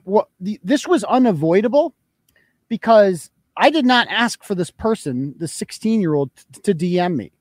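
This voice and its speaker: A man's voice: very high-pitched, dry recording. A man hosting a livestream, talking bluntly and sarcastically, often crude. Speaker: host. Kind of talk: livestream commentary.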